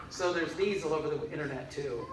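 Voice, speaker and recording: An older man, a minister giving a casual, rambling dharma talk with frequent chuckles. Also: on the high side. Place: church hall. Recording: echoey hall, mic far off, faint hiss.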